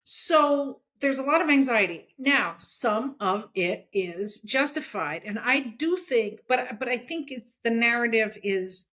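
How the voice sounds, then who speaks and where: A woman in her sixties, a guest in an interview, talking in an animated, emphatic way and checking her points with "okay?". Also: fairly high pitch, a little slow, hardly any pauses. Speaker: guest, comics editor. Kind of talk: casual interview chat.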